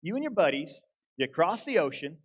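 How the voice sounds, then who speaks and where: A man's voice: a little high, big pitch swings, normal speed, slightly rough. A man voicing a bitter, defiant Union officer, heated and accusing.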